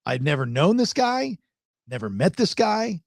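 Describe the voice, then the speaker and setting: A man's voice: high-pitched, unhurried, vocal fry, no echo, clean studio sound. A male podcast host, telling a long story in casual chat, rambling and repeating words. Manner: rambling, repeats words, animated when quoting others.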